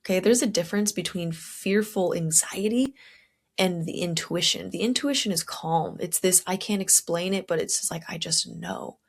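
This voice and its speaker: A woman's voice: fairly low pitch, lively intonation, normal speed. Casual self-help podcast woman. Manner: warm coaching tone, addresses listener directly with "okay?"; acts out inner voices in quotes. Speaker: podcast host.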